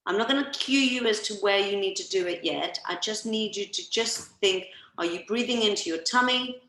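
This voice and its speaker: A woman massage therapist leading a workshop, calmly coaching listeners through guided breathing on a video call. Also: medium pitch, normal speed, roomy sound, low-quality recording.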